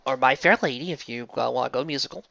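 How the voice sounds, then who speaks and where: A woman's voice: fast, gravelly, no echo, highs cut off. A woman reviewing an episode in easygoing, chatty talk. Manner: chatty, easygoing, with lively swings in pitch. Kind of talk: casual review chat.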